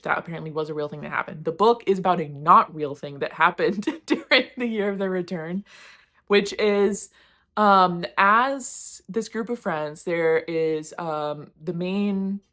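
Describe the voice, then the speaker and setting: A woman's voice: on the low side, a bit bright. A woman casually reviewing books she read, candid and rambling, often poking fun at herself and swearing offhand. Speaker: book reviewer. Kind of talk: casual book wrap-up chat.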